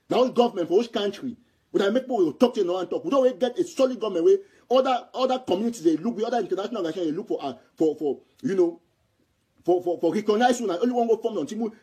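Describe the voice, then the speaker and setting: A man from Southern Cameroon talks in Cameroonian Pidgin English. His voice is high and husky with a dark, mellow tone, and he rushes through his points in a heated, repetitive manner. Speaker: political commentator. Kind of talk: impassioned audio commentary.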